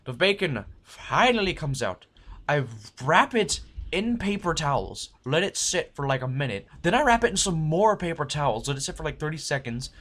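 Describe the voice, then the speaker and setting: A man's voice: a little high, a bit bright. A young man who works as a server, telling a work story in a casual, profane way and acting out the quoted voices.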